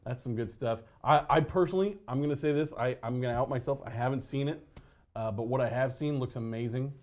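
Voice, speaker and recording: A man's voice: mid-range voice, quick pace, darkish tone. Chatty male movie-show host. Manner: rambling, filler-heavy, joking. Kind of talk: casual chat.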